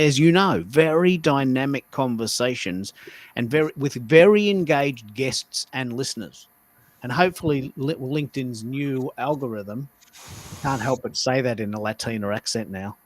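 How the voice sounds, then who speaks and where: An animated man speaks as a panel guest, working out his points aloud and restarting his words. His voice sits at an ordinary pitch. The sound is close and dry. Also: no room sound. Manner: animated, self-correcting restarts. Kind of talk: casual panel discussion.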